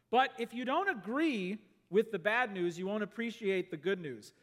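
A man preaching a sermon, telling stories and swinging between loud exclamations and quiet asides. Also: high-pitched, expressive, moderate pace, hardly any pauses. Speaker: pastor. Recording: long hall reverb.

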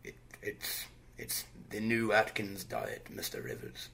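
A man doing a low, deadpan impression of a grumpy bearded comic writer in a podcast comedy sketch. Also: measured pace, creaky, exaggerated voice. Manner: low, deadpan, mock-serious drawl. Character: gloomy bearded male comic writer, droll, menacing.

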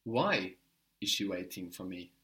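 A man's voice: deep voice, animated, measured pace, pushed and bright. Patient male language teacher. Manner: patient, prompting with short praise. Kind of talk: language lesson drills.

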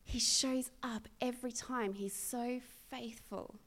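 A young woman gives a sermon in a slightly high voice. She talks in an earnest, conversational way and fills it with personal testimony. Her energy rises and falls as she restarts her sentences. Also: steady tone, slow, fairly bright tone. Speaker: speaker at a church.

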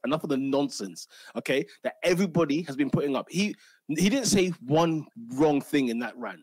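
Excitable man. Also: fairly high pitch, moderate pace, no echo. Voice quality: bantering and excitable, full of slang. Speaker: podcast host. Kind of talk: casual football chat.

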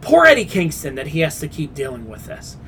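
A fairly high-voiced man hosts a casual wrestling podcast. He talks bluntly, swears freely and mocks what he watched. A faint rumble hums under the recording. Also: huge pitch swings, brisk, a bit bright. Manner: blunt, profane, sarcastic. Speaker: podcast host.

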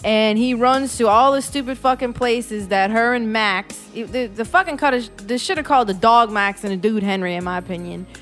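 A woman's voice: on the high side, moderate pace, few pauses, a bit bright, faint music behind. A woman casually retelling a movie plot, profane and sarcastic, slipping into exaggerated character voices. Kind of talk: casual comedic movie recap.

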